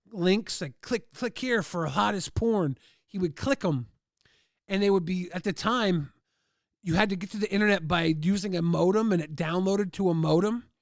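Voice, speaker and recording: A livestream host with a high, gravelly voice rambles through crude stories packed with "like" fillers and loose asides, cutting into other people's lines with a raised voice. The sound is dry and close, with no room around it and no echo.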